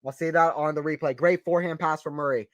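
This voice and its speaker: A fairly high-pitched man calls a tennis match live for his stream, upbeat and chatty. He keeps repeating lines and talks straight to viewers between points. The sound is dry and close. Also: fast talker, no room sound. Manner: excited, chatty, repeats phrases, reads out chat. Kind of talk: casual play-by-play tennis commentary.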